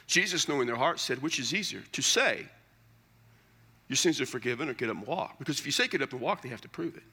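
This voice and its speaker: A man's voice: mid-range voice, animated, quick pace, sharp tone, breathy edge. A middle-aged male pastor preaching a sermon in a conversational, joking way with emphatic asides.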